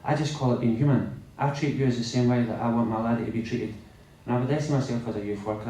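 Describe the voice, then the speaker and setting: A man's voice: medium pitch, dark tone, slight background noise. A Scottish man, a youth worker and filmmaker, speaking earnestly and directly to young people at a film premiere. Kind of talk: speech to an audience at a film premiere. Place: large hall at a college event. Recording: echoey hall from far off.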